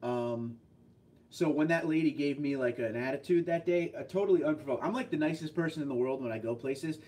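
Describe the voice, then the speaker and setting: A man hosting a casual livestream, chatting with viewers and telling rambling stories with quick asides. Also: on the high side, darkish tone, recorded from a distance. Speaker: livestream host reading viewer chat.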